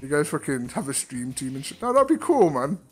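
A man's voice: on the high side, sing-song, brisk, slightly rough. A man hosting a casual online interview show, laid-back, swearing freely and laughing often. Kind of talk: casual chat. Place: online virtual world session. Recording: faint music underneath.

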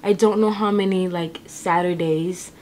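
A woman's voice: on the low side, fairly even intonation, a little slow, background noise. A young woman chatting to camera as she gets ready, telling a long story with lots of fillers. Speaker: vlogger. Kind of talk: casual chat to camera while getting ready. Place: apartment.

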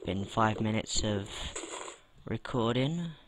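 Slow, rambling British gamer man. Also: lowish voice, expressive, background noise. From United Kingdom. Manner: rambling, chatty, with mild swearing. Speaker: let's play gamer. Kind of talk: casual gameplay commentary.

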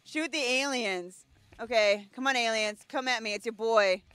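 A young woman commenting on her gameplay, excitable, swearing and joking. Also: on the high side, moderate pace, faint music behind. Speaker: gaming channel host. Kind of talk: let's play commentary.

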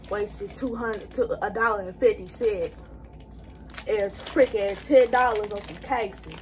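A woman's voice: on the high side, a little mellow, a little hiss or hum. A woman vlogger rambling in casual chat to her viewers while she gets ready. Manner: rambling and chatty, talking straight to viewers.

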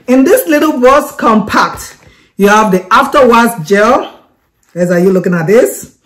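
A woman doing an excited product unboxing review, chatty and repetitive, often repeating herself. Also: fairly high pitch, unhurried.

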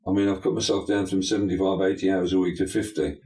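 A man's voice: deep voice, level tone, fast, warm tone, a little hiss or hum. An older man, a pastor and bishop, talking emphatically in an interview, full of folksy sayings. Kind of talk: preacherly interview talk. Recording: echoey room.

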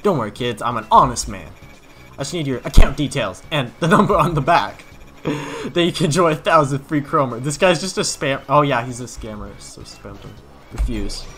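A man voicing a pushy, loud scammer salesman figure with huckster patter in a game playthrough. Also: mid-range voice, expressive, normal speed. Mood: slick.

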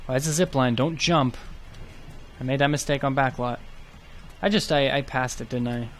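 A man's voice: medium pitch, moderate pace, slight background noise. A man giving casual let's play commentary, chatty and thinking aloud as he goes. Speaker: gaming YouTuber.

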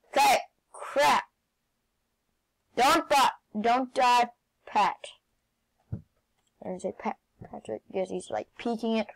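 A woman playing a video game and commenting as she goes, excitable, often shouting and laughing. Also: fairly high pitch, measured pace, creaky, long pauses, rough recording. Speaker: gaming channel host.

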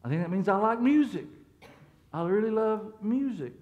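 A middle-aged pastor with a notably high voice delivers a sermon in a church. He talks in a loose, conversational way, stumbling and restarting as he goes, and keeps turning to the congregation with questions. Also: very animated, normal speed, a little mellow, muffled recording. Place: church sanctuary.

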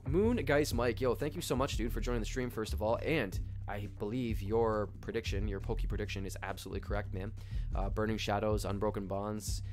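A young man streaming live from his home office on a desk microphone, excitably reading out chat names and laughing as he opens card packs. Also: lowish voice. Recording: loud game music under the voice. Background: game music.

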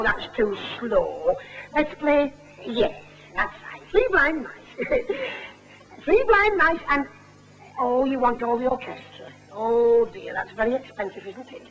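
A man's voice: very high-pitched, sing-song, takes it slowly, a bit bright. A man from England with a Lancashire accent, performing a music hall puppet sketch in a fussy, coaxing manner. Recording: dull, faintly noisy 1950 film soundtrack.

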